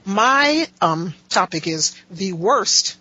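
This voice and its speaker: A woman on a casual chat panel, easygoing and quick to laugh. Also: mid-range voice, animated, pushed and bright. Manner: giggly, easygoing. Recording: dull lo-fi audio.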